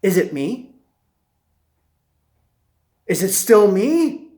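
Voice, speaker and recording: A man's voice: high-pitched, very animated, drawn-out words, mellow, heavily acted. A man voicing a menacing adult man with a knife who keeps repeating his threats in a blunt way. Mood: puzzled.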